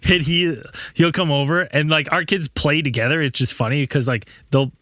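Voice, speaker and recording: Bright, swearing man telling stories. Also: a little high, steady tone, moderate pace, no echo. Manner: rambling storyteller, swears a lot, laughs often. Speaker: podcast host. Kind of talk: casual chat.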